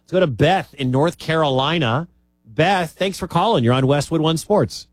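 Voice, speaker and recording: A man's voice: on the high side, no room sound. A man hosting a sports call-in radio show, chatting and joking with callers in a casual way. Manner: chatty, quick to joke and react. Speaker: sports radio host taking calls. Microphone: studio mic.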